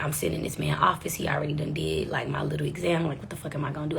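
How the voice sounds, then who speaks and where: A woman's voice: sits low, lively intonation, fast, vocal fry, hardly any pauses, slight background noise. A young woman in her twenties telling a personal story straight to camera, casual, candid and profane. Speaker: vlogger.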